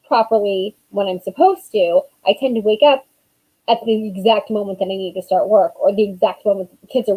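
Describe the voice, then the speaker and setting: A woman in her thirties talks casually on a live stream, rambling from thought to thought with plenty of fillers. Her voice is mellow and a little breathy, sitting at an ordinary pitch. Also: rough recording. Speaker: author live-streaming her work session.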